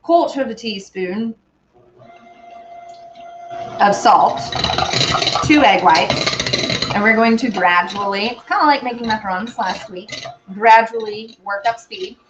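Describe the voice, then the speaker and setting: A woman's voice: mid-range voice, a little slow, pauses often, muffled recording, heavy background noise. A woman hosting a casual baking stream from a home kitchen, chatting with viewers as she mixes. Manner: chatty, rambling, talks to viewers and pets. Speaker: baking show host. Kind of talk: casual livestream chat while baking.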